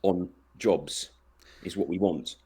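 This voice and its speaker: Man, low husky voice, blunt casual podcast chat. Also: takes it slowly, mellow. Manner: blunt, brash, swearing. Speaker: podcast co-host.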